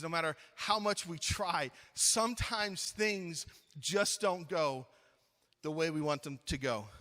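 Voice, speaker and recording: Animated man preaching in an echoing hall. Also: fairly high pitch. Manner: animated, acts out his own story, then slows to earnest appeals. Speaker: youth conference speaker. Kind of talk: storytelling sermon.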